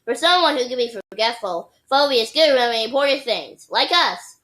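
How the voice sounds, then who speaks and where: Brief: female storybook reader, expressive, sound effects, fairly high voice. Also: fairly quick, poor audio. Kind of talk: reading a children's book aloud.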